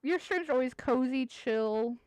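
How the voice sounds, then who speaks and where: A woman's voice: high voice, normal speed, a little mellow, smooth, dry recording, rough recording. Upbeat chatty woman hosting a podcast. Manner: chatty, upbeat, laughs often. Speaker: podcast host and streamer. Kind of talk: casual live-stream podcast chat.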